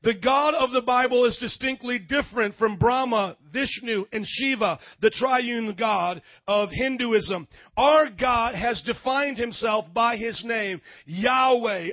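A man preaching a sermon as pastor, energetic and calling on the congregation to respond. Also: very high-pitched, measured pace, dry recording, dull audio.

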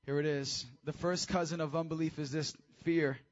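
A man preaching a casual, high-energy sermon to teenagers as youth pastor, with call-and-response. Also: steady tone, normal speed, muffled recording.

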